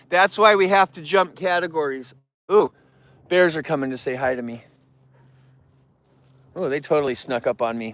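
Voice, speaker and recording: A man's voice: fairly high pitch, fairly bright tone. A man livestreaming from among bears, chatting with his viewers in an emotional way and greeting them and the animals by name. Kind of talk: casual livestream chat to viewers.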